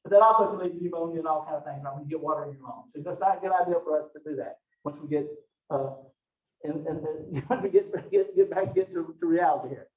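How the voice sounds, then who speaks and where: A man's voice: a little high, fast talker. A man teaching an anatomy lecture in a casual, chatty, folksy way. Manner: folksy and chatty, Southern phrasing. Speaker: college anatomy and physiology instructor. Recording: echoey, distant, dull lo-fi room recording.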